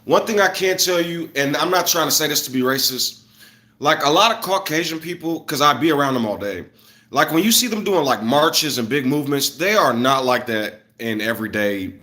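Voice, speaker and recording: A young man from Illinois ranting casually on a livestream, loose and animated, jumping from loud bursts to muttered asides. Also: on the high side, normal speed. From Illinois, USA. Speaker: streamer.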